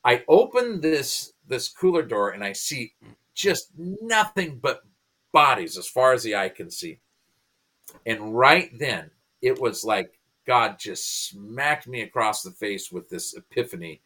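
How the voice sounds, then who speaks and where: A man in his fifties, a pastor and comedian, telling a story as a podcast guest in an animated way, often restarting and repeating words. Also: mid-range voice, unhurried, breathy edge. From United States. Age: 50s. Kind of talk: conversational storytelling.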